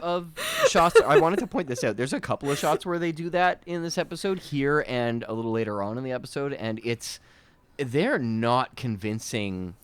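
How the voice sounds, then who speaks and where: A man co-hosting a podcast in casual chat, giving analytical critique and pausing with fillers while he searches for words. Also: mid-range voice, expressive. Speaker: podcast co-host.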